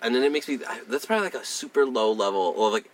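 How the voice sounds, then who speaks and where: A young man co-hosting a podcast, chatting casually with rambling, profane, animated storytelling. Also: mid-range voice, fast, far from the mic. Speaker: podcast co-host. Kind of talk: casual chat.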